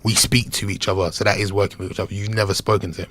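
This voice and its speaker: A man's voice: on the low side, flat delivery, rapid-fire, fairly bright tone, dry recording. A man co-hosting a podcast, chatting casually and bantering with plenty of laughs. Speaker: podcast co-host. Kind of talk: casual chat.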